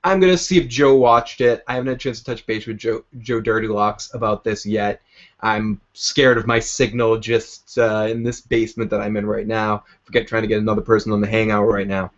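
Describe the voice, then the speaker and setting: A man's voice: lowish voice, fairly even intonation, brisk, muffled recording. Rambling man recapping a TV episode. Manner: rambling, chuckling, acts out scenes. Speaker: show recap host. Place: basement.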